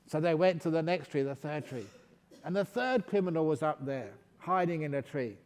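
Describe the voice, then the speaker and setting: A man giving a calm, gentle meditation talk at a retreat, slipping in playful jokes. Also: on the high side, moderate pace, in a large hall. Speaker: meditation teacher.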